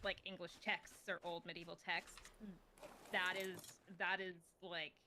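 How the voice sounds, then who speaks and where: A woman's voice: on the low side, level tone, a little slow, bright, forceful tone, slight background noise. A woman with a Midwestern American accent, chatting animatedly with a self-deprecating edge on a gaming stream. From United States. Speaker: co-player. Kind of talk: casual gaming stream chat.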